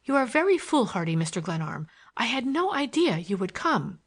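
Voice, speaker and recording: A woman's voice: fairly high pitch, big pitch swings, slightly rough, pitched above the performer's own voice. Woman reading as an anxious young society lady. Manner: hurried, pleading, soft. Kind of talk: audiobook character voice.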